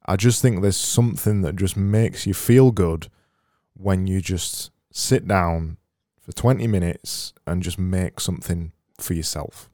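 A man's voice: sits low, unhurried, dark tone, no room sound, clean studio sound. A man hosting a casual interview, enthusiastic and often restarting his phrases as he thinks aloud about design. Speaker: podcast host and designer.

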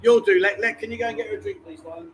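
A man with a high, bright voice chats easily as host of a live stream from a bar, joking with the people around him and calling them mate and darling. A light hiss and soft bar ambience sit behind him. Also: sing-song, rapid-fire, creaky, poor audio. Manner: chatty, jokey, calls people mate and darling. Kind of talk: casual live-stream chat.

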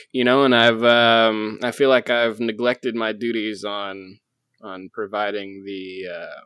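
A man's voice: fairly low pitch, fairly bright tone, no echo. Wry man hosting a movie podcast. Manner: self-mocking, wry, pauses with many fillers. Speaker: podcast host. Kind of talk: casual movie podcast chat.

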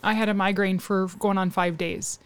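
A woman's voice: mid-range voice, normal speed, clear, resonant tone. A woman in casual podcast chat, adding short reactions and then telling her own story. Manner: relaxed, chimes in with short reactions.

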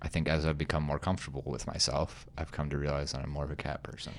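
A man's voice: very deep voice, level tone, fast talker. A man co-hosting a podcast, talking casually and hesitantly, often poking fun at himself. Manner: hesitant, self-deprecating, many fillers and restarts. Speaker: podcast co-host. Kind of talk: casual chat.

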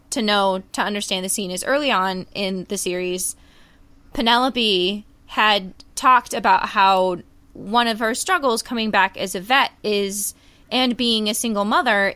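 A woman co-hosting a podcast, warmly retelling a TV scene in a casual, emotional way with many fillers. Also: medium pitch, no echo. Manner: emotional, animated storytelling with fillers. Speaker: podcast co-host. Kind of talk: casual chat reviewing a TV series.

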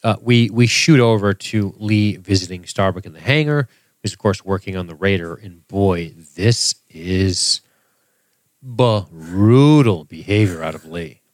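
A man with a fairly low voice in casual podcast talk, blunt and wry with plenty of swearing. The sound is dry and close, with no room echo. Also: unhurried. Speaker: podcast co-host. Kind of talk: casual chat.

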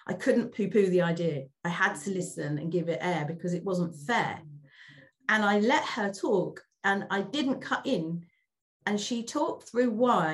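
A middle-aged woman speaking as an interview guest. She talks candidly and reflectively, often repeating words as she starts a thought. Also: mid-range voice.

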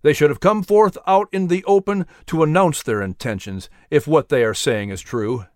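A man's voice: on the high side, normal speed, no room sound, clean studio sound, close to an everyday voice. A man voicing a stern young male colonel who gives firm, clipped orders in a storybook reading.

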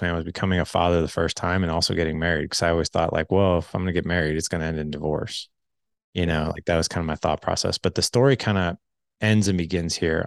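In a casual conversation, a man in his forties with a deep voice candidly recounts his life story, leaning heavily on the filler "like." There's no room sound on the recording.

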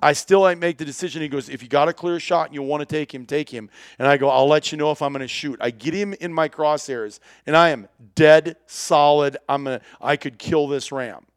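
A man spins a long tale in casual chat, throwing himself into every voice and breaking into laughter along the way. His voice sits a bit high for a man, and the recording is close and dry with no room sound. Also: fairly quick, hardly any pauses, dry recording. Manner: lively, acts out dialogue, laughs often. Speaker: guest telling a hunting story. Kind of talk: animated storytelling.

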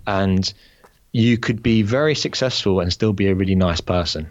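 A man's voice: deep voice, normal speed, no room sound, highs cut off. A man who teaches yoga, a guest chatting casually on a podcast, rambling and self-deprecating with many restarts. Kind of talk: casual interview chat.

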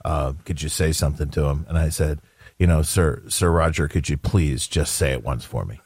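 A man's voice: very deep voice, moderate pace, darkish tone, husky, no echo. A man co-hosting a morning radio show, telling stories with eager enthusiasm. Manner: enthusiastic storyteller, laughing.

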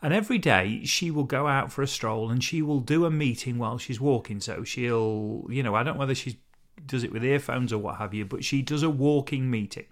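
A man hosts a casual solo podcast, rambling and chatty, often correcting himself mid-sentence. His mid-range voice moves fairly quickly.

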